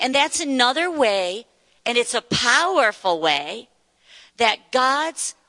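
A woman's voice: on the high side, bright, forceful tone, no echo, long reverb tail. A woman giving an earnest sermon-style Bible teaching at a church meeting, repeating words for emphasis.

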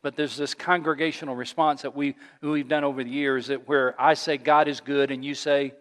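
A man preaching a sermon as a pastor, earnest, rising to loud call-and-response with his congregation. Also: a little high, big-room sound. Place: church sanctuary.

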